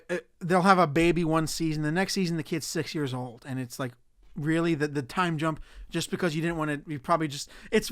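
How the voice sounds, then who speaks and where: A young man talks through a solo podcast episode in a loose, profane rant. His voice sits a little high for a man, and he gets exasperated often. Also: fairly bright tone. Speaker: podcast host.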